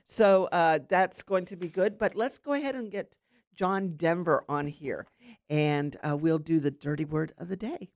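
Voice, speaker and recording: A woman's voice: lowish voice, unhurried, a little mellow. A woman hosting a syndicated radio gardening show, chatting casually with many fillers and explaining plant science. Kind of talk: casual radio talk with call-ins. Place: radio studio.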